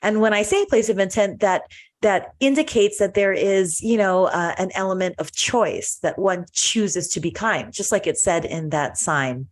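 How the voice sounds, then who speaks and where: A woman's voice: medium pitch, moderate pace. A woman co-hosting a podcast and a doctor, telling a story in an earnest, chatty way with many fillers and restarts. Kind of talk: casual podcast chat.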